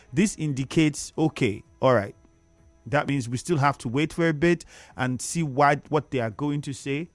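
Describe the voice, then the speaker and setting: Emphatic Nigerian radio host. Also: male voice, fairly high pitch, no echo. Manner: lecturing, emphatic, repeats words for emphasis. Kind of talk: radio talk show, reading listener comments. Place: radio studio. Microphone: studio microphone.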